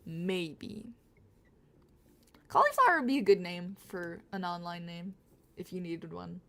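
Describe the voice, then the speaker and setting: This young drawing livestreamer has a lowish, animated voice with vocal fry and a fairly bright tone, speaking a little slowly. With a slight Southern US accent, she chats casually with her stream, rambling, giggly, and self-correcting.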